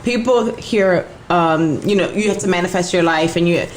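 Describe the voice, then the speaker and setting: A woman's voice: lowish voice, normal speed, slight background noise. Chatty woman co-host, echoey room. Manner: chimes in with frequent "mm-hmm" and finishes others' thoughts. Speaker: podcast co-host. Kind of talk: casual podcast chat.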